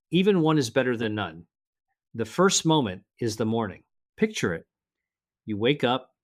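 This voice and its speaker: A measured older man with a voice of middling pitch, narrating health advice in a calm, scripted way. He speaks earnestly and slows down to lean on key words, as if talking to listeners his own age. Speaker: health presenter.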